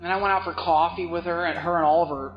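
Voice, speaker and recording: A recovery meeting speaker tells comedic stories to a live audience in a meeting hall, wry and self-mocking, acting out other people's voices. His voice is a little high, steady in tone, and fast. The recording is roomy and muffled, with music in the background.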